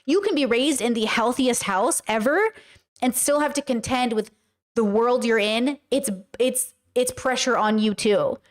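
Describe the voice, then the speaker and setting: A woman with a slightly high-pitched voice talks straight to her livestream audience. She is blunt and emphatic and swears casually as she reacts and explains. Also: a little slow. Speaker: streamer and commentator.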